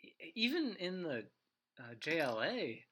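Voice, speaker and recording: A man co-hosting a casual podcast, chiming in with wry remarks and quick agreement. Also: a little high, big pitch swings, a bit bright. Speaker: podcast co-host. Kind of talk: casual chat.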